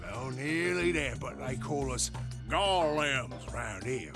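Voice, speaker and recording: A man's voice: mid-range voice, animated, takes it slowly, gravelly, over music. A man voicing a cheeky, grumbling male robot laborer in a video game, with a Cockney accent and a slangy, chatty, complaining manner. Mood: jovial.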